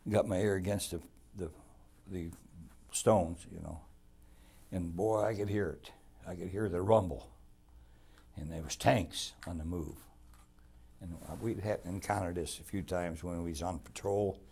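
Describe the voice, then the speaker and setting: Older man, deep husky folksy storyteller. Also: unhurried, long pauses, mellow. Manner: rambling, folksy storytelling with restarts and plain grammar. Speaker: veteran telling war memories. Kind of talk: oral history interview.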